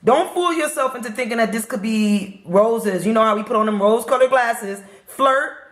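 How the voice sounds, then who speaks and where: A woman's voice: fairly high pitch, normal speed, reverberant. A woman giving a casual tarot reading and talking straight to her viewers in a chatty, repetitive way. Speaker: tarot reader.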